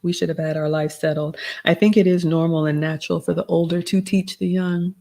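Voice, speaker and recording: Woman, 40s, Southern accent, low-pitched, polished and motherly, casual livestream Q&A host. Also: steady tone, brisk, creaky, dark tone. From American South. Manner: polished, motherly advice-giving, reads comments aloud. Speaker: livestream host answering chat.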